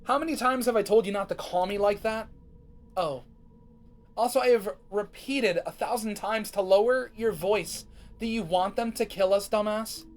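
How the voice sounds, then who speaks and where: A man's voice: sits high, normal speed, lightly acted. A man voicing a proud, blunt young female pony who hides her feelings. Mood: pleading. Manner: curt and blunt.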